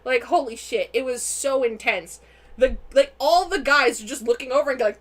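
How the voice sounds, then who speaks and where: A woman casually recounting a tabletop game session on a stream, excitable, laughing and swearing freely. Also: high voice, normal speed.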